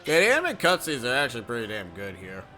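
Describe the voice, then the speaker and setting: A man co-hosting a game stream, rambling excitably through casual chat. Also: mid-range voice, fast. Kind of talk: casual let's-play chat. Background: faint game music.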